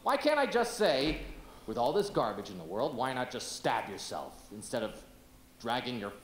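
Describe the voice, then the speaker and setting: A man's voice: medium pitch, sing-song, moderate pace, roomy sound, a little hiss or hum, natural voice. A man playing a defensive young TV actor, exasperated and sarcastic, on an amateur stage. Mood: arguing.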